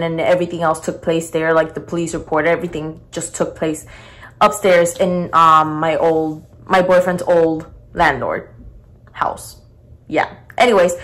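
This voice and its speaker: A young woman vlogger telling a storytime tale in a chatty, animated way, full of fillers and asides. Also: lowish voice, poor audio. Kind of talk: storytime vlog.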